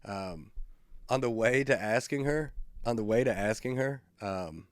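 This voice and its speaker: A male comedian hosts his own podcast, telling stories solo in a casual, laid-back, rambling style that is profane and self-mocking. His mid-range voice is unhurried, captured in a dry recording with clean studio sound.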